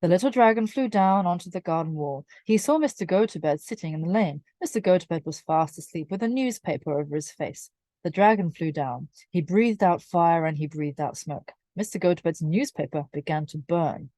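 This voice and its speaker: A woman's voice: lowish voice, animated, normal speed, dark tone, no echo. Woman reading a children's story. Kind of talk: reading a children's book aloud.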